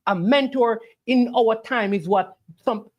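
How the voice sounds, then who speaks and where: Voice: mid-range voice, measured pace, highs cut off. A livestream host, arguing back at the chat with preachy rhetorical questions. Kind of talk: casual argumentative livestream talk.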